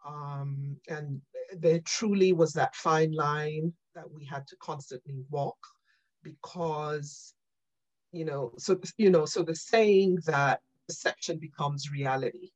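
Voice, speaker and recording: A woman being interviewed on a podcast, telling animated stories about her career and often checking in with "right?" and "you know". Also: low-pitched, takes it slowly, poor audio. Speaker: guest.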